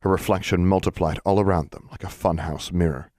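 A fantasy audiobook is read by a male narrator with a very deep voice, steady and measured in his scripted delivery. The audio is dry and close, with no echo and no room around it.

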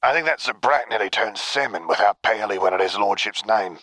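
A man's voice: fairly low pitch, a little fast, a bit bright, no room sound. A man reading the part of a happy, chatty male clone trooper.

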